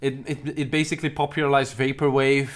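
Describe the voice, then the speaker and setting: Here he speaks fast, his medium-pitched voice barely rising or falling. He is a man streaming from home, casually presenting his movie collection, raving about it and repeating himself a lot.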